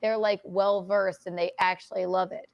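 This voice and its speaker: A woman's voice: medium pitch, level tone, moderate pace, vocal fry, muffled recording. A woman guest on a casual podcast who jokes bluntly and crudely. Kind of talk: casual chat.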